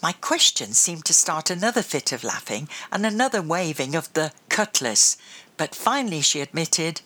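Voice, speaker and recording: A woman's voice: sits low, sing-song, moderate pace, fairly bright tone. A woman reading a children's adventure storybook aloud, telling it expressively. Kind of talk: storybook narration.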